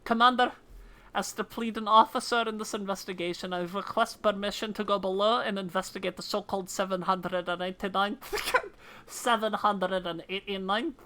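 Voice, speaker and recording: A woman's voice: mid-range voice, steady tone, normal speed, a bit bright, pitched above the performer's own voice, lightly acted. A woman putting on a swaggering Scottish-accented naval lieutenant. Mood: formal. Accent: put-on Scottish. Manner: theatrical cutscene reading.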